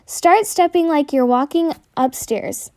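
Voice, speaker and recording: A woman voicing a bossy female cloud cat who scolds loudly and gives orders. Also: high-pitched, measured pace. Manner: loud, scolding, commanding.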